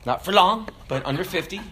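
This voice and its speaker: A man in his forties preaching a sermon, swinging between shouted declarations and low, quiet asides. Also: slight background noise. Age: 40s. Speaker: pastor.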